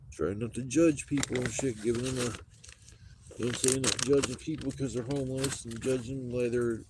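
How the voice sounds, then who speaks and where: A man's voice: lowish voice, dark tone, a little hiss or hum. A man on a live stream telling a story in casual talk, rambling and swearing a lot.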